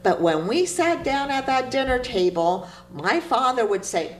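A woman from Cuba, a poet, telling stories in an interview with an animated manner and frequent laughter. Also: high-pitched, unhurried, a little hiss or hum, poor audio. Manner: animated storytelling, laughs often. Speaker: poet guest. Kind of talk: interview conversation.

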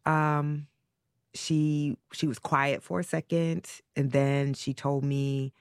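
A woman being interviewed as a parent, talking candidly and haltingly, often trailing off as she searches her feelings. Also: sits low, flat delivery, clean tone, no room sound, soft background music.

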